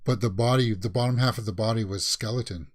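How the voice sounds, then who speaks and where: A man with a Canadian accent giving casual reaction commentary, thinking aloud and often pausing to search for words. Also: fairly low pitch. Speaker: reaction video host.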